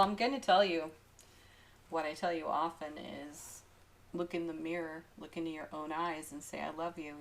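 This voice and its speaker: A woman reading tarot cards at an unhurried, leisurely pace, her voice pitched in an ordinary middle range. She often breaks into small giggles and gushes over the cards. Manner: frequent giggles, warm enthusiastic exclamations. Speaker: tarot reader. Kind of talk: daily tarot card reading.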